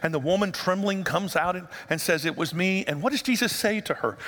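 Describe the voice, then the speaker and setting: A male pastor giving an animated sermon in a church sanctuary and asking the congregation rhetorical questions. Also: high-pitched, a little fast, few pauses. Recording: long hall reverb.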